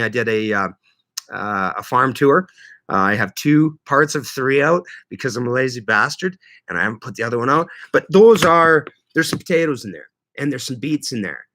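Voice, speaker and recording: A man from Manitoba hosting a casual livestream, greeting viewers by name and chatting in a lively, laughing way. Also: mid-range voice. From Canada (Manitoba). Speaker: livestream host reading chat.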